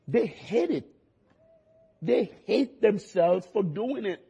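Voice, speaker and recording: A man preaching a sermon, his delivery swinging between quiet, low passages and rising, emphatic stretches. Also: lively intonation, takes it slowly, gravelly, breathy edge, lo-fi sound. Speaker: pastor.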